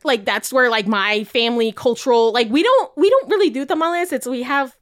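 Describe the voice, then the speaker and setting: A woman's voice: on the high side, lively intonation, brisk, a bit bright, dry recording, clean studio sound. A woman podcast co-host, talking casually with lots of "like" fillers. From Puerto Rican heritage. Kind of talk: casual chat.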